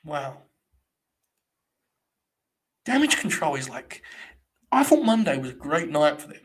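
A man's voice: on the high side, big pitch swings, unhurried. A young man hosting a live stream, giving blunt, sarcastic, casual commentary and swearing freely.

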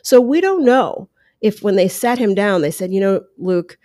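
A woman's voice: mid-range voice, sing-song, normal speed, warm tone, dry recording. A woman hosts her own podcast from home, thinking aloud in a loose, chatty way. Her voice sits in the middle range and comes through close and dry on the mic. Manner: conversational, talks through ideas with asides and quoted voices. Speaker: podcast host. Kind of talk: casual solo commentary. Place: room at home. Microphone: headphones and close mic at home. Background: dog lapping water.

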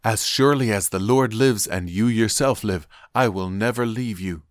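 An earnest, devoted young prophet in a spoken Bible story, as a male reader puts him on, pleading and sincere. The voice sits a little higher than the reader's deep narration, and the sound is dry and close. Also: normal speed, dry recording, lightly acted.

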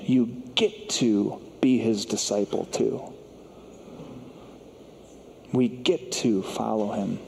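A man's voice: mid-range voice, darkish tone, slight background noise. Male pastor, earnest sermon delivery, repeated emphatic lines, long church-hall reverb. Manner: earnest preaching with emphatic repetition and rising questions. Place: church sanctuary.

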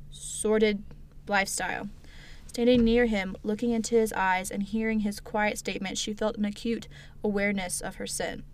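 A woman's voice: mid-range voice, slight background noise. A woman co-hosting a podcast, reading a devotional aloud and laughing off her own stumbles over words. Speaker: podcast co-host.

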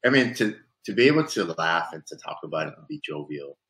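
A man in casual conversation about faith, getting animated when retelling others' words. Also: extremely low pitch, quick pace, poor audio. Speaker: church member guest. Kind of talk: casual chat.

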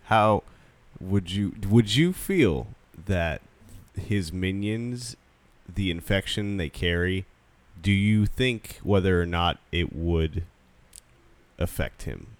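A man's voice: low voice, animated, slow, no room sound. A man co-hosting a podcast in casual chat, asking hesitant questions. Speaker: podcast co-host.

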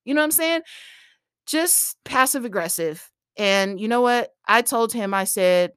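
A woman's voice: mid-range voice, normal speed, smooth, no room sound, studio quality. A woman in her thirties hosting a podcast, telling a story in a casual, exasperated way and acting out the quoted lines. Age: 30s. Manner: animated, exasperated retelling with quoted dialogue. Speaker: podcast host.

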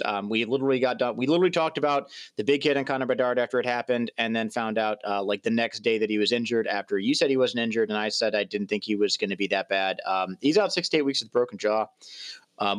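A man's voice: mid-range voice, no room sound. A man in his thirties co-hosting a casual sports podcast, joking and rambling. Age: 30s. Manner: jokey, rambling, trails off. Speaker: podcast co-host.

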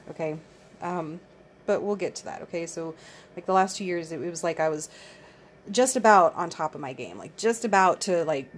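A woman's voice: sits low, a little hiss or hum. A woman in her thirties talking candidly in a rambling casual monologue, swearing freely, as the podcast host. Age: 30s.

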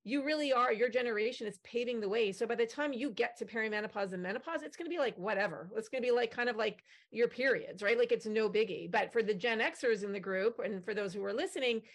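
A woman's voice: on the high side, quick pace, few pauses. A woman in her forties or fifties, in menopause, chatting casually on a video call panel and acting out quoted remarks. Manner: chatty, animated, acts out quotes. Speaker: panelist, company founder.

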